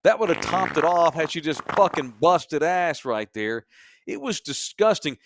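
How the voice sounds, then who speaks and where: A man's voice: on the high side, moderate pace, vocal fry, noisy background. Profane storytelling podcast man. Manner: profane, animated, mocking. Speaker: podcast co-host. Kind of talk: crude comedic storytelling. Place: sports bar studio.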